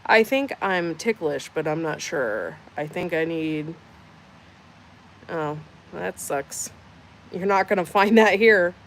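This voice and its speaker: Woman streamer, low voice, unhurried delivery, sarcastic and teasing as she answers chat. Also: lively intonation, a little hiss or hum. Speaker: livestream host. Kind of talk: casual livestream chat reading comments.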